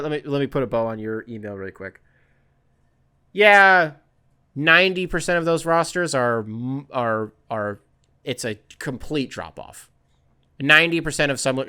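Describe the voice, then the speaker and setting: A man's voice: mid-range voice, bright, forceful tone, clean tone. A man hosting a podcast, chatting loosely and rambling with lots of fillers and the odd swear. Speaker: podcast host. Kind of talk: casual chat.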